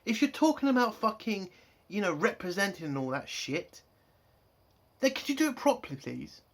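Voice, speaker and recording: Angry vlog reviewer, constant swearing, exasperated, ranting delivery, mid-pitched voice. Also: a bit bright. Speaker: TV show reviewer.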